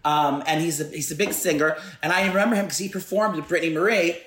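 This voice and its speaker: Animated male storyteller. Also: on the high side, fast. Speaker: podcast co-host. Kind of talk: casual chat.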